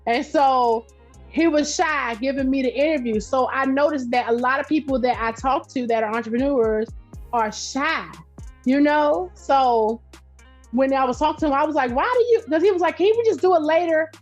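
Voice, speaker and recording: A middle-aged woman, a podcast guest and entrepreneur, talking in a loud, direct, animated way and telling stories with laughs. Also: high voice, normal speed, faint music behind. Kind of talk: casual interview chat. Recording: dull lo-fi sound.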